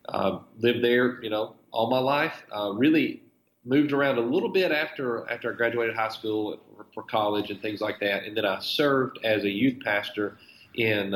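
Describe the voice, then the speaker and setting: A man from North Alabama with a North Alabama accent, a pastor talking in a relaxed, folksy way as a guest on a phone interview. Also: on the low side. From North Alabama, USA. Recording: phone call with roomy echo.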